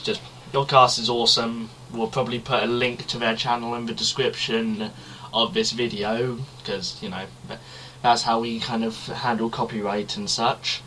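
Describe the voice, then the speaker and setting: Chatty young man, bright voice. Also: mid-range voice, flat delivery, moderate pace, few pauses, slight background noise. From Britain. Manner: rambling, chatty, loose swearing. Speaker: podcast co-host. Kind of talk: casual chat.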